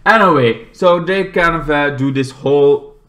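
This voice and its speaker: Guy rambling thru a movie review, bright voice, keeps restarting. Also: on the high side, moderate pace. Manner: rambling, restarts often, acts out characters with sudden shouts.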